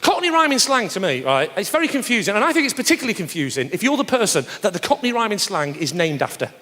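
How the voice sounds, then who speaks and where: A man doing live stand-up comedy, teasing the crowd, with loud punchlines. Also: sits high, big pitch swings, fast talker. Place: large theatre stage with audience. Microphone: stage microphone. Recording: roomy live theatre with audience noise. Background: audience laughter.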